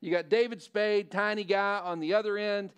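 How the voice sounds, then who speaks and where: A man's voice: high-pitched, steady tone, normal speed, smooth. A middle-aged male pastor preaching a sermon in a conversational way, often asking the congregation questions.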